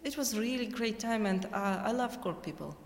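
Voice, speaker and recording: A woman's voice: a little high, animated, normal speed. A woman from Russia with a Russian accent, answering interview questions hesitantly, searching for words and laughing often. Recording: echoey hall, faint background noise.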